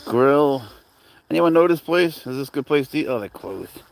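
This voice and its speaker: A man's voice: mid-range voice, expressive, normal speed, gravelly. A man rambling casually on a live stream from an outdoor park, greeting viewers and talking to his cat through a handheld phone. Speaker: livestream host.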